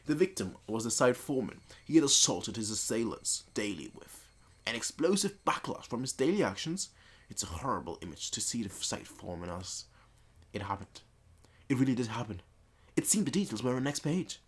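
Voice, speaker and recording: A man's voice: mid-range voice, big pitch swings, brisk, husky. A man hosting a let's play, reading a visual novel aloud with rambling, self-correcting commentary.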